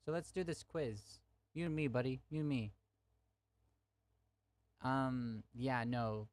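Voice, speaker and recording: A man's voice: medium pitch, takes it slowly, a little mellow. A young man streaming a heated debate, arguing angrily with his chat and swearing often. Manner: angry, profane, talks to chat.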